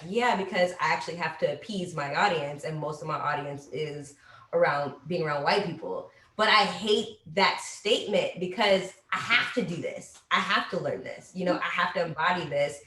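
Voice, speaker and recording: A woman's voice: on the low side, fairly bright tone. A woman from Atlanta co-hosting a casual discussion, speaking frankly and candidly. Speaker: podcast co-host. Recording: echoey, distant from the mic.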